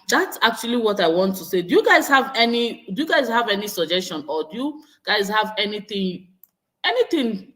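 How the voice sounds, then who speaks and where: This vlogger, a Nigerian-accented woman who sounds about thirty-something, runs a livestream where she reads viewer comments aloud and answers them, with lots of exclamations and casual energy. Her pitch is medium, and her tone sounds pushed and bright.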